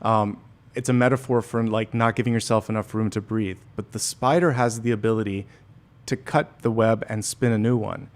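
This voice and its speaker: A man giving a collective tarot reading in a gentle, conversational way, often restarting his sentences. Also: on the low side, fairly even intonation, moderate pace. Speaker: tarot reader. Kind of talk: casual spoken tarot reading.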